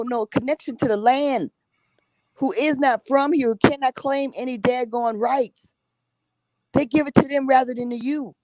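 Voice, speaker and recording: This high-sitting, darkish female voice comes through a dry, rough recording. The speaker, a summit organizer guesting on a talk show, is passionate and conversational, using blunt, salty language, repeating herself, and dropping "okay?" after her points.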